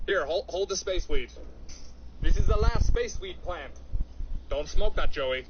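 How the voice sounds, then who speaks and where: A man voicing a frantic, conspiracy-minded billionaire with a put-on South African accent, scolding and shouting. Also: sits high, animated, measured pace. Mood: ranting. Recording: muffled, noisy recording.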